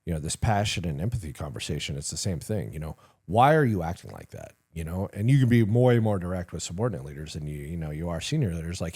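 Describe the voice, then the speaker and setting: Deep, husky and darkish, his voice is expressive and fast, with few pauses. The retired command sergeant major, middle-aged and appearing as a podcast guest, shares stories conversationally, performing dialogue, cursing offhandedly and chuckling at his own expense.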